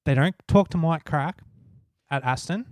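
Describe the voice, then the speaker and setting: A man's voice: a little high, a little slow, no room sound. A man co-hosting a casual motorsport podcast, blunt and opinionated, swearing as he argues. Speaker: podcast co-host. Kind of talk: casual sports chat.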